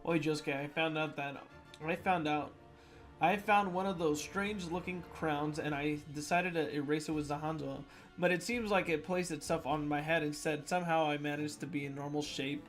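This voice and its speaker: A man reading submitted fan jokes out loud in a playful comedic voice, with sudden loud swings. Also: fairly high pitch, steady tone, normal speed, soft background music.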